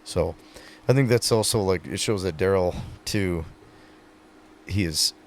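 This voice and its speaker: A man's voice: deep voice, measured pace, slight background noise. A man, a retiring pro rodeo athlete, talking earnestly in a casual podcast conversation, telling stories with many fillers.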